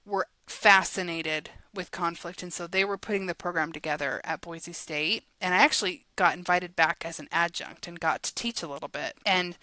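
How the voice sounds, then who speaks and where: A woman guest on a podcast, talking in a casual, animated way about her work and laughing often. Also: fairly low pitch, normal speed, hardly any pauses, dry recording. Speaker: guest, guided journal creator and coach.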